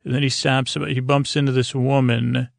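A man hosting a podcast, giving a halting, filler-heavy episode recap meant to lull listeners to sleep. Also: mid-range voice, flat delivery, vocal fry, dry recording, studio quality. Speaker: podcast host.

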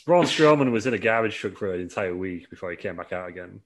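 A man's voice: fairly low pitch, animated, fast talker. A man co-hosting a podcast in loose, rambling casual chat. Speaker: podcast co-host.

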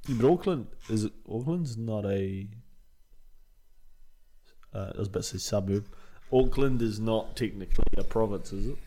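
A man's voice: fairly low pitch, normal speed, warm tone, slight background noise. A young man with a New Zealand accent, co-hosting a casual podcast, swearing often and laughing easily. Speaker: podcast co-host. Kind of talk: casual banter. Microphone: headphones and desk mic.

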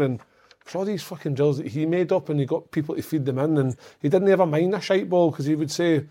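Scottish ex-pro in his forties, warm mellow tone, earnest, sweary. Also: fairly high pitch, fairly quick. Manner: earnest, swears freely, builds long anecdotes. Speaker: former footballer, podcast guest. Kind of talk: casual chat.

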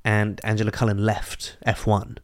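A man's voice: lowish voice, monotone, normal speed, no room sound, clean studio sound. A man co-hosting a comedy podcast, chatting casually and spinning playful, silly riffs. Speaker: podcast co-host.

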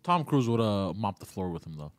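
A man's voice: on the low side, sing-song, brisk, no echo. A man co-hosting a podcast, bantering in a blunt, tough-talking way. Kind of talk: casual chat.

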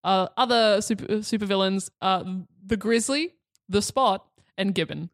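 A woman's voice: medium pitch, a little slow, no echo, studio quality. A woman co-hosting a casual podcast, recounting a story with frequent laughter and fillers. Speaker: podcast co-host. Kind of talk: casual chat.

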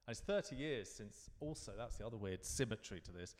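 A man in his fifties from London, chatting as a guest in a live interview. He tells reflective, wandering stories, often restarting his sentences, in a low voice. A long reverb from the venue trails behind him. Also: expressive, fairly quick, background noise. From London, England. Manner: rambling, reflective storytelling with frequent restarts. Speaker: guest performer.

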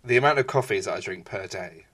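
A man co-hosting a podcast in casual chat, reacting with quick quips and questions. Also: fairly low pitch, a crowd in the background. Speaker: podcast co-host.

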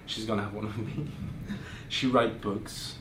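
A man's voice: lowish voice, fairly even intonation, a little slow, fairly bright tone. A man hosting a podcast, bantering playfully and laughing often. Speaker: podcast host. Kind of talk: casual banter. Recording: echoey room, faint background hiss.

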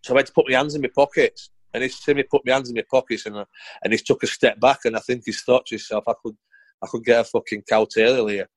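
A man's voice: mid-range voice, steady tone, fast talker, no room sound, poor audio. A middle-aged man, a former footballer telling blunt, sweary stories in a casual interview. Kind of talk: casual anecdotal storytelling.

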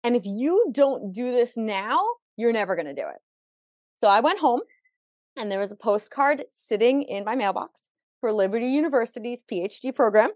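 A woman's voice: a little high, no echo. A woman guest on a podcast, telling a vivid personal story and acting out the people in it, often repeating words as she goes. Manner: vivid, acts out quoted people; repeats words when emotional.

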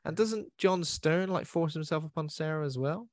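A man's voice: on the high side, dry recording, clean studio sound. A man joking and teasing in a casual chat about a film. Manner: jokey, teasing, quick quips.

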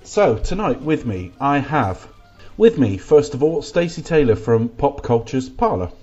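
A man's voice: medium pitch, sing-song, unhurried, darkish tone, soft background music. A man hosting a casual film podcast, chatty and often restarting his sentences. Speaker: podcast host. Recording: dull lo-fi podcast audio.

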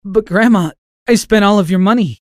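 A man's voice: sits high, a little fast, no room sound, studio quality, voice pushed up, close to an everyday voice. Man doing a sobbing, pleading teenage boy. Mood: tearful, pleading. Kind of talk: storybook narration.

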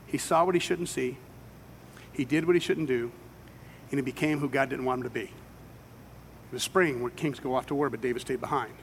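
A man's voice: medium pitch, moderate pace, creaky, pauses often, a little hiss or hum. A man preaching a sermon, retelling scripture stories with dramatic quoted voices. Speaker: pastor. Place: church sanctuary with children present.

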